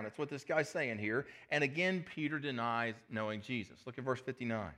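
A man preaching a sermon as pastor, animated, retelling scripture as a vivid story. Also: medium pitch, brisk, few pauses.

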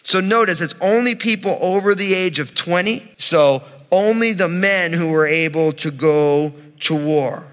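A man's voice: high-pitched, measured pace, hardly any pauses, fairly bright tone, clear, resonant tone, big-room sound. A man preaching a sermon as pastor, teaching in a conversational way with asides to the congregation.

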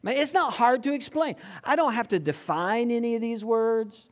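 A man preaching a sermon in a conversational, animated way, acting out quotes. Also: extremely high pitch, moderate pace. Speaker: pastor.

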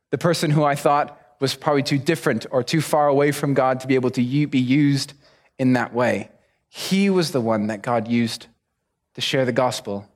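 A young man preaching, telling a personal story with lively acted-out voices. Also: medium pitch. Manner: animated storyteller, acts out voices. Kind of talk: sermon storytelling.

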